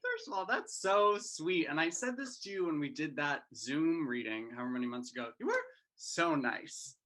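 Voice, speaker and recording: Young male guest from Massachusetts, twenties, higher voice, talks casually over a video call with a joking edge. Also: expressive, moderate pace, fairly bright tone. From Massachusetts, USA. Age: 20s. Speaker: singer and guest.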